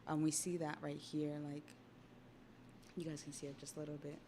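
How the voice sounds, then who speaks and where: A young woman on a casual livestream, talking through a story with excitable chatter and offhand swearing. Her voice sits a little low. It is recorded on a desktop mic. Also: moderate pace, a little hiss or hum. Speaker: streamer.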